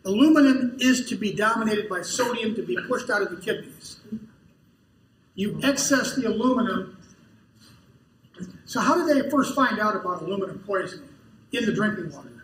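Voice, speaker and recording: A high-pitched man lecturing at a conference, telling folksy stories full of quoted back-and-forth. He is heard from across an echoey hall, with faint noise underneath. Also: animated, moderate pace, long pauses, a bit bright, recorded from a distance. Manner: folksy storytelling with quoted dialogue. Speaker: conference speaker. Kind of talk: lecture with audience questions.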